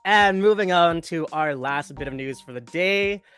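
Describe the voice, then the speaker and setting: Bright-voiced chatty man. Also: fairly high pitch, moderate pace, clear, resonant tone, soft background music. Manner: chatty, stammering restarts, wry. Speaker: podcast host. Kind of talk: casual chat.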